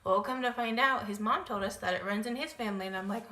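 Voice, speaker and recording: Bright-voiced young woman vlogger, echoey room. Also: mid-range voice, fast talker. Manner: chatty, lots of "like" and "um" fillers. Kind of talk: casual story-time vlog.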